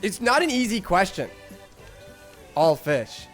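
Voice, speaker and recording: A man's voice: sits high, big pitch swings, slow, a bit bright, soft background music. A man streaming a game, rambling and joking with chat in crude casual talk, often stammering.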